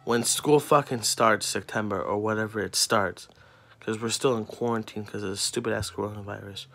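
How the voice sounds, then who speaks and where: A man's voice: lowish voice, steady tone, moderate pace, gravelly, fairly bright tone. A teenage boy ranting about classmates in an angry, profane vlog, swearing constantly and sounding exasperated. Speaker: student venting on camera.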